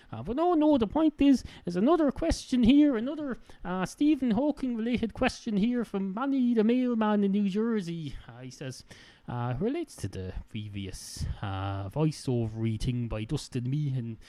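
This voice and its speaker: A man hosts a solo podcast, rambling and self-mocking with many fillers and the odd swear. His pitch swings in a lively way over a mellow, darker tone. The sound is dry and close to the mic. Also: no echo. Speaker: podcast host.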